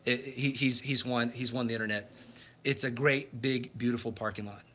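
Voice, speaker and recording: A man in his thirties hosting a livestream, chatting casually and reading viewer comments, often halting with fillers and restarts. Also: medium pitch, fairly even intonation, fairly bright tone. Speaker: livestream host.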